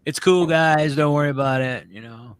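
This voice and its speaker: A man's voice: fairly high pitch, moderate pace. A man co-hosting a casual online talk show, joking and rambling with friends. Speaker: podcast co-host. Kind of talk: casual chat.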